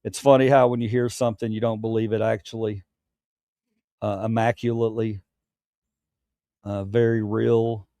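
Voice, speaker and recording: This adult livestream host, no longer young, has a lowish, dark voice with a level tone and moderate pace, pausing often. Chatting candidly with viewers late at night, he rambles, stammers through restarts, and swears casually. There's no room sound.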